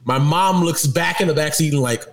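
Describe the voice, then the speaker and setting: A man telling a childhood story in casual chat, animated and laughing, protesting indignantly when challenged. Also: fairly high pitch, normal speed, low-quality recording. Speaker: storyteller guest.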